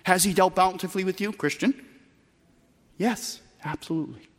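High-voiced preaching man in a hall. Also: normal speed. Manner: emphatic preaching, swings between loud and soft. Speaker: pastor. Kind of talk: sermon.

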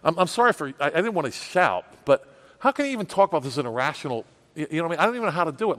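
A man preaching a sermon with passion, swinging from loud outbursts to hushed asides. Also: a little high, big pitch swings, very fast. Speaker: pastor. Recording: long reverb of a church hall.

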